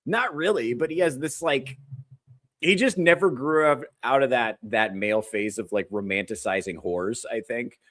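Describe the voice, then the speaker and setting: A man's voice: medium pitch, normal speed, a bit bright, no room sound. A man hosting a comedy podcast, ranting with crude, sarcastic mockery. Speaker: podcast host. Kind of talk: comedic commentary rant.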